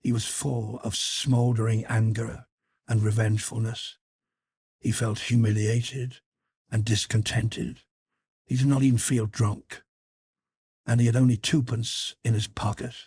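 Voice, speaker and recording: Husky, dry-voiced male audiobook narrator. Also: medium pitch, little pitch movement, measured pace, a little mellow, no echo. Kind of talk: scripted narration.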